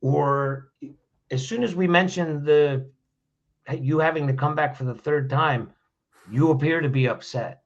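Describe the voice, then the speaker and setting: A man's voice: fairly high pitch, unhurried, lo-fi sound. A man speaking as a podcast guest, giving conversational advice in a plainspoken way and often restarting his phrases. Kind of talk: conversational advice on handling anger.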